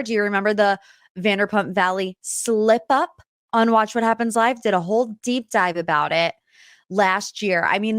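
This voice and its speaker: In studio-quality sound with no room echo, a young female podcast host with a bright, mid-range voice talks casually about pop culture. She's chatty and keeps drifting off on tangents.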